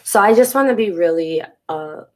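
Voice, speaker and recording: A woman's voice: fairly low pitch, animated, moderate pace, a little mellow. A congested woman in her thirties talking frankly and casually to her viewers in a personal vlog, swearing now and then. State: congested from a cold. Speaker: vlogger.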